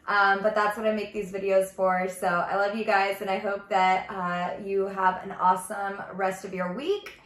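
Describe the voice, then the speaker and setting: A woman's voice: medium pitch, flat delivery, moderate pace, hardly any pauses, a bit bright. A woman telling her personal testimony in a casual vlog, chatty and earnest, with "like" running through her sentences. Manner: chatty, heavy use of "like", earnest and confiding. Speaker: ministry vlogger. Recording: echoey room.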